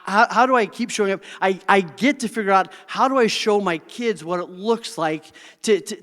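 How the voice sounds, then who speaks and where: A middle-aged man with a fairly high voice delivers a motivational talk, earnest and heartfelt, and keeps checking in with the crowd. His voice carries a long hall reverb, as if caught in a big room. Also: a bit bright. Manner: heartfelt personal storytelling. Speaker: motivational speaker. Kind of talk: motivational talk to a live audience.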